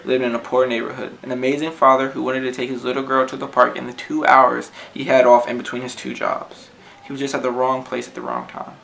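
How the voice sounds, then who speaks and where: Creaky-voiced man reciting a poem. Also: mid-range voice, a bit bright, low-quality recording. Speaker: poet, podcast co-host. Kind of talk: spoken-word poetry recitation.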